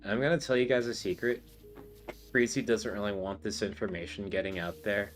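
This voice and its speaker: Sex: man. Role: podcast host. Style: casual chat, rambling, profane. Pitch: low. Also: steady tone, fairly quick, soft background music. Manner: rambling, profane, full of fillers.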